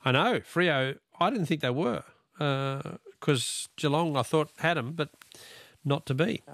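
A man's voice: fairly high pitch, unhurried, fairly bright tone, no room sound, clean studio sound. A middle-aged Australian man hosting a talkback radio quiz, chatty and joking with callers. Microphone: studio microphone.

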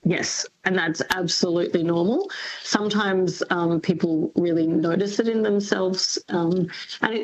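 A woman speaking as a linguist guest on a radio interview, thoughtful and careful, hedging often and pausing with ums. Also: lowish voice, gravelly, darkish tone, slightly rough, rough recording. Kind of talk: radio interview, expert explanation.

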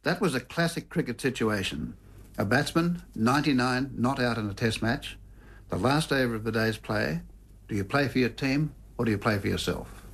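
Husky male radio interviewer. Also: medium pitch, expressive, normal speed, a bit bright. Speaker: interviewer and presenter.

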